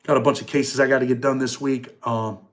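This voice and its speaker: A man's voice: mid-range voice, little pitch movement, brisk. A middle-aged man hosting a casual live chat, talking in loose street slang and answering viewers' comments. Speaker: channel host.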